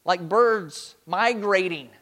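A male pastor delivers a sermon in an earnest, emphatic way. His voice sits fairly high for a man and he speaks slowly, drawing out the words he wants to land. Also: fairly bright tone.

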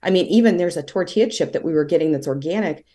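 A woman's voice: fairly low pitch, fast, mellow. A woman being interviewed as a holistic practitioner, telling long stories in a conversational way. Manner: talkative, tells stories at length.

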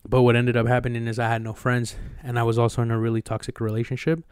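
A young man co-hosting a podcast, telling a long personal story in casual, profane, animated chat. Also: medium pitch, fast, smooth, no room sound, clean studio sound. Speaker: podcast co-host.

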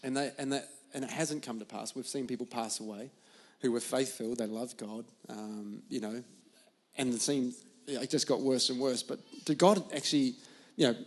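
A man hosting a church panel Q&A, chatty and enthusiastic, laughing often. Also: medium pitch. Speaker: church host.

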